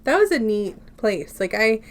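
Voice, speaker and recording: A woman's voice: fairly high pitch, sing-song, moderate pace, a little hiss or hum. A woman co-hosting a casual chat. She chimes in often and laughs easily. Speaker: podcast co-host and editor.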